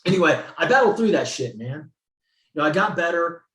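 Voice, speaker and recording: A man's voice: fairly high pitch, fairly quick. Man telling his story with roomy echo. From San Francisco Bay Area. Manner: animated, profane, acts out quotes. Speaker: guest. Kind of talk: candid interview storytelling.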